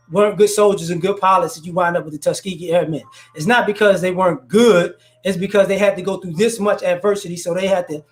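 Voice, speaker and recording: A man from New Orleans with a faint New Orleans accent, mixed with Chicago and DC area speech, giving his opinions in a loose, casual chat full of restarts. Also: high voice. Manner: loose, conversational, frequent restarts and "you know".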